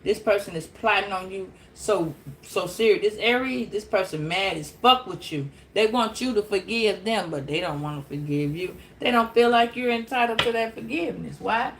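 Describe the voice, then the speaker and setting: A woman giving a casual tarot reading, blunt and profane, animated and laughing often. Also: medium pitch, moderate pace, slight background noise. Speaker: tarot reader.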